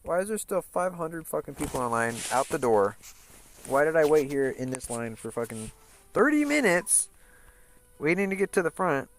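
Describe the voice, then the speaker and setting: Gravelly man ranting while gaming. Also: a little high, very animated, moderate pace. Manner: profane, rambling rant with many restarts. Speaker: gaming streamer. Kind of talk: casual chat over gameplay.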